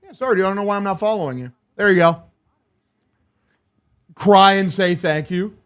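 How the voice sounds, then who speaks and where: Hyped high-voiced young man streaming. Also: moderate pace, clean tone. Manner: hyped, profane, thanking chat. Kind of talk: live watch-along play-by-play.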